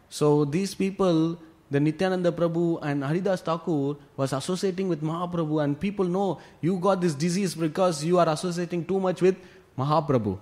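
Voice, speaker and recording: A man's voice: fairly high pitch, fairly quick. Man telling a devotional class. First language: Tamil. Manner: animated retelling with frequent "you know" fillers. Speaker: scripture class teacher.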